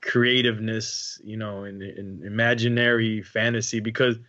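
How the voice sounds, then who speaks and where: Man, joking co-host, sharp tone, muffled audio. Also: fairly low pitch, flat delivery, moderate pace. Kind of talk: casual chat.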